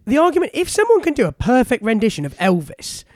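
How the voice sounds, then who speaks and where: A man's voice: very high-pitched, huge pitch swings, quick pace, darkish tone, dry recording, clean studio sound. A man in his twenties from the UK, co-hosting a podcast in casual chat, inquisitive and laughing often. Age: 20s. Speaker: podcast co-host.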